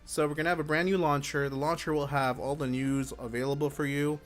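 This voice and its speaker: A man with a fairly high, slightly bright voice talks fast with a flat delivery. Hosting a casual livestream Q&A for a game community, he chews gum and feels hyper, rambling chattily and cutting off his own sentences as he answers viewer questions.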